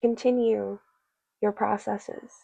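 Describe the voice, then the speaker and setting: A woman giving a soft, meandering tarot reading, full of fillers and a little teary. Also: mid-range voice, fairly even intonation, slow, creaky, husky, no echo, dull audio. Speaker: tarot reader.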